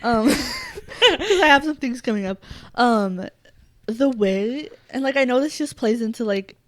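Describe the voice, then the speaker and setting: Woman, slightly high voice, casual slangy co-host, dry close recording. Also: huge pitch swings, fairly bright tone, no echo. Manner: casual, slangy, quick to laugh along. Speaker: podcast co-host. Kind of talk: casual chat.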